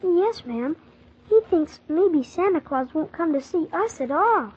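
A woman's voice: extremely high pitch, expressive, a little slow, a little mellow. A woman voicing a polite young boy narrator. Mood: earnest. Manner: earnest, polite. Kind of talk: storybook narration and dialogue. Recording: dull lo-fi old recording.

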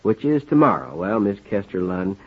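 Husky old-time radio disc jockey man. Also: fairly low pitch, big pitch swings, moderate pace. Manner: easygoing, rambling, talks in circles. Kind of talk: folksy radio announcing. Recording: dull lo-fi 1940s radio recording.

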